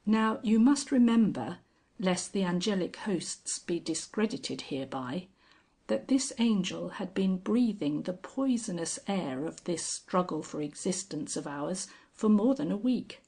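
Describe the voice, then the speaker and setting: A woman reading a classic story aloud in a measured, unhurried narration. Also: fairly low pitch, expressive, mellow, husky.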